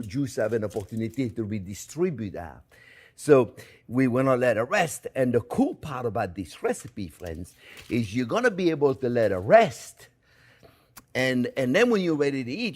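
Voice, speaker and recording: A man hosting a cooking show, chatting through a cooking demonstration while he works and often calling the viewers friends. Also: mid-range voice. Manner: lively, talks while working with his hands.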